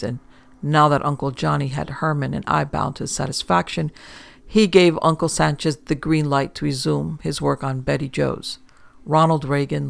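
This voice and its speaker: A man reading a first-person story aloud in a wry, deadpan manner. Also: a little high, vocal fry, dry recording. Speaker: audiobook narrator.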